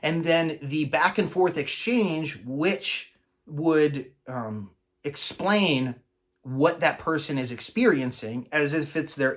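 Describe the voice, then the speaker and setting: Guy explaining a method to his viewers, voice on the high side, slows way down on the key bits. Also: a bit bright. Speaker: manifesting coach. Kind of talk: explanatory teaching monologue.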